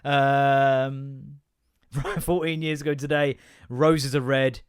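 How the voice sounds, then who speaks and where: A man's voice: mid-range voice, fairly even intonation, takes it slowly, clear, resonant tone. A man, hosting a solo podcast, chatting casually, swearing a lot and laughing often as he jumps from rant to rant. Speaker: podcast host.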